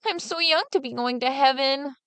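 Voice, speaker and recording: A woman's voice: moderate pace, no echo. Little Claus, a woman doing a cheeky young farmer. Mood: pleading. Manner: bright, high and eager.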